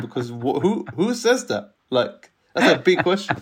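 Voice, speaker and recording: Husky man telling a lively story. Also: a little high, normal speed. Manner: acts out other people's voices, laughs often. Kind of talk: animated storytelling in casual conversation.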